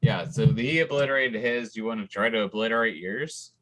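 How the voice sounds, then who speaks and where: Low bright-voiced man running a game. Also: fairly quick. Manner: relaxed descriptive narration with fillers. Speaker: game master. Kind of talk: narrating a tabletop game.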